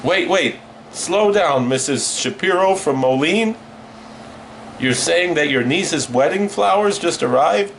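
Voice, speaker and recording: A man's voice: on the high side, lively intonation, unhurried, gravelly, slight background noise. A man hosting a late-night horror movie show, delivering hammy comic patter sprinkled with Yiddish words.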